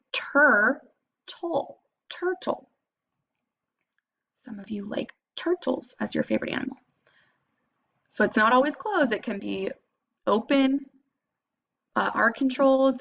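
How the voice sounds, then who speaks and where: In a lo-fi recording, a woman with a mid-range voice teaches phonics to small children. She patiently sounds out the syllables, keeping each one slow and clear.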